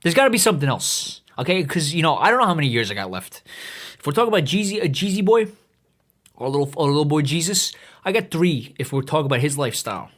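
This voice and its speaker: A man of about thirty hosts a comedy podcast, his voice a little high, fairly bright, and very animated as he talks quickly. He delivers a profane, heated rant, stammering and restarting as he goes.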